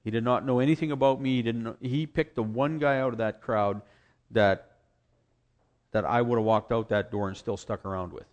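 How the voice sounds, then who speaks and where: A man's voice: medium pitch, fairly even intonation, moderate pace, darkish tone. A man telling his personal faith story in a conversational way, with restarts and short acted quotes of others.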